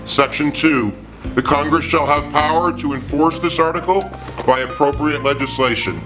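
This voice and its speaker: A man slowly reading a legal text aloud in a formal recitation. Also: a little high. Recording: spoken over guitar music.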